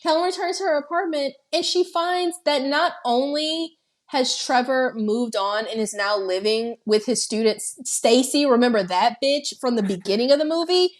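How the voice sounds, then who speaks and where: Animated woman recapping a film. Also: high voice, moderate pace. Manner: animated storytelling, swearing, acting out characters' lines. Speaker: podcast co-host. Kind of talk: casual movie recap chat.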